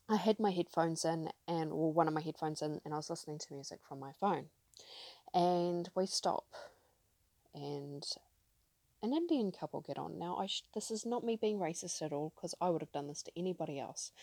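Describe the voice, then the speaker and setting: Brief: woman podcast host, candid and emphatic, lowish voice, dry close sound. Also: a little mellow, dry recording. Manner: candid and emphatic, with frequent fillers. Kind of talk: casual personal storytelling.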